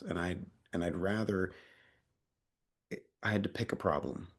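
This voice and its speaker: A man's voice: low-pitched, steady tone, moderate pace, long pauses. A young adult man, an actor being interviewed, talking casually in a rambling way with lots of fillers and restarts, and swearing freely.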